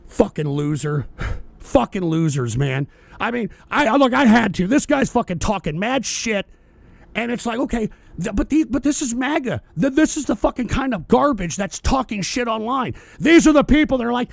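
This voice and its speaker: High-pitched, gravelly man ranting profanely. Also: lively intonation, normal speed, no room sound. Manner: profane, ranting, often shouting angrily. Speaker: host of a political talk stream. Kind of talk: live-streamed talk show, responding to chat.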